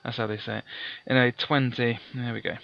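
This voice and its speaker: A man playing through a gamebook, reading its passages aloud and calmly working out dice sums with mild self-deprecating asides. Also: mid-range voice, fast talker, vocal fry, no echo, lo-fi sound. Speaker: let's play host. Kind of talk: gamebook playthrough with read-aloud narration.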